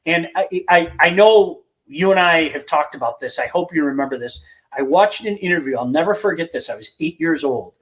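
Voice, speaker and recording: Middle-aged male podcast host, chatty and excitable, slightly high voice, casual basement-studio talk. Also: a little fast, hardly any pauses, rough recording. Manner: excitable, chatty, jumps between topics. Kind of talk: casual sports talk, reading listener picks.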